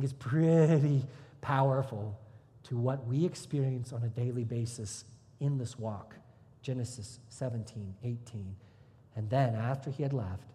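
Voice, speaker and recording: Animated pastor man in reverberant hall. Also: on the high side. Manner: conversational, animated, acts out voices in quotes. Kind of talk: sermon.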